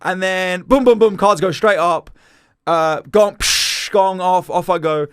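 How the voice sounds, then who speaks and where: A man's voice: high voice, unhurried, clear, resonant tone, no echo, clean studio sound. A man telling a comedy-gig anecdote in casual chat, acting out the voices in it. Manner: animated anecdote-telling with acted-out quotes. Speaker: comedian guest.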